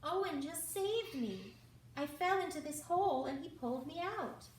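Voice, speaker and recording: A woman voicing a small, shy young girl mouse who talks in a squeaky, excited way. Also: normal speed, a little hiss or hum. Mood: eager. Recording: roomy, from far off.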